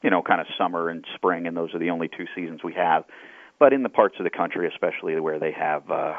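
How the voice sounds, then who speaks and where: A man's voice: low-pitched, fast, dry recording. A man calling in as a guest on a radio show, explaining things in a friendly way with fillers. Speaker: radio guest, holster company representative. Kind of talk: phone-in interview. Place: Phoenix, Arizona. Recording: tinny phone line.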